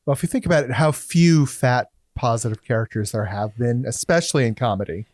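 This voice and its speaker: A man's voice: mid-range voice, lively intonation, brisk, a little mellow, no room sound. A man co-hosting a podcast in casual chat, making blunt, matter-of-fact remarks. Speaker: podcast co-host.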